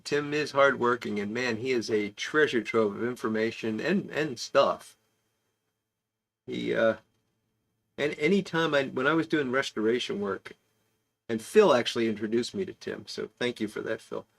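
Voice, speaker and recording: A man's voice: medium pitch, vocal fry, fairly bright tone. Rambling, chuckling man chatting on a live stream. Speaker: pipe club host. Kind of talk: casual chat.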